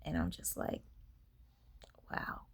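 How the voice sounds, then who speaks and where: A woman's voice: on the low side, moderate pace. A woman telling a personal story to camera in a candid, rambling way, swearing freely and sounding tired. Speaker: vlogger.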